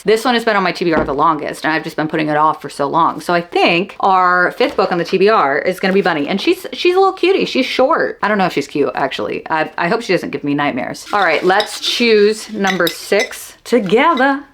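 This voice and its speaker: A woman chatting to camera as a book vlogger, with a slightly low voice for a woman. She talks in a bubbly, gushing way and teases playfully. Her tone is casual and easygoing throughout. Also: a bit bright.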